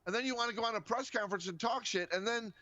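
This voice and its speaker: A man co-hosting a casual podcast chat, talking in an animated, profane, rambling way full of restarts. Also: very high-pitched, fast, lo-fi sound. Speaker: podcast co-host.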